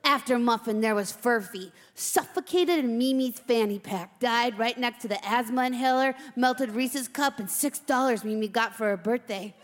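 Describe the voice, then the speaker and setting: Woman voicing a tough, bitter female hamster veteran, menacing growl, bursts into yelling. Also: fairly high pitch, moderate pace, few pauses, big-room sound, close to an everyday voice. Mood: grim. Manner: snarling, threatening, prone to sudden yelling.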